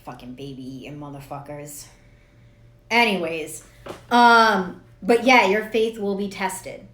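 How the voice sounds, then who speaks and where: A woman in her thirties, a spiritual coach, talks straight to camera in a casual, rambling monologue, swearing freely and laughing at herself. Her voice is fairly low, unhurried and a bit bright, recorded in an echoey room.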